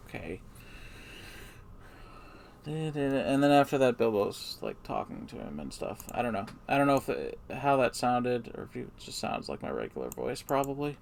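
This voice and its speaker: A man talking to his stream in a hesitant, mumbling way, often putting himself down. His voice is gravelly with fry and moves around a lot in pitch. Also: big pitch swings, normal speed. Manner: mumbling, hesitant and self-deprecating. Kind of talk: casual live-stream rambling.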